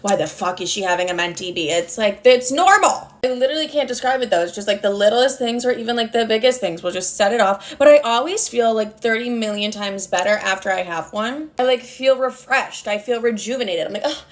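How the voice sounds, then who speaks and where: A woman's voice: on the high side, lively intonation, fairly quick, hardly any pauses. Chatty, profane young woman vlogger. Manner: chatty, profane, filler-heavy with frequent "like". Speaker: storytime vlogger. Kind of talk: casual storytime monologue.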